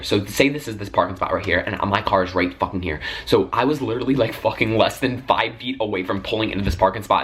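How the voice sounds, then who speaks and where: Young man ranting through a storytime vlog. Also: mid-range voice. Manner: animated, swearing constantly, lots of filler "like" and "literally". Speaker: vlogger.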